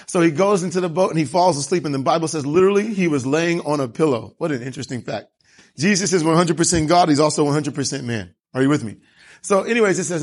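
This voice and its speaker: Male pastor, lively sermon delivery, voice a bit higher than most men. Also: fast talker, slightly rough. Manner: animated storytelling with rhetorical questions.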